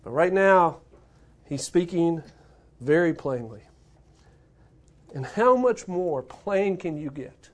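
A man's voice: fairly high pitch, expressive, takes it slowly, pauses often. A pastor preaching a sermon, reading scripture and then explaining it earnestly, often repeating his words.

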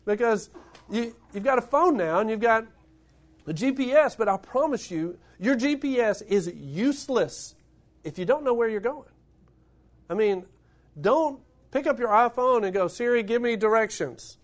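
High-voiced preaching pastor. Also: male voice, lively intonation, moderate pace. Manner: preachy, rising to emphatic climaxes, asks the congregation questions. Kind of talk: sermon.

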